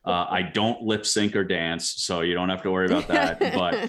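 A man, a guest author, speaking slowly and haltingly in a self-deprecating, casual way. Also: sits low, fairly even intonation, a loud crowd. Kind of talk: casual video-call chat.

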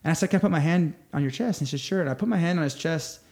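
A man telling stories as an interview guest, in an eager, halting way with many restarts. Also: on the high side, a little mellow. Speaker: missionary guest. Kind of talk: interview storytelling.

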